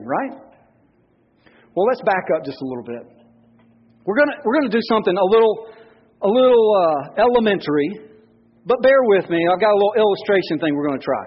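A man's voice: high voice, lively intonation, a little fast, husky, big-room sound, lo-fi sound. A man preaching to his congregation who tells a scripture story and acts out its quotes with animation. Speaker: pastor. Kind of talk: sermon.

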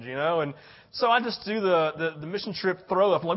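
A man preaching a sermon, telling a personal story with lively swings from excited and loud to low and quiet. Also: fast. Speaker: pastor. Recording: dull lo-fi audio.

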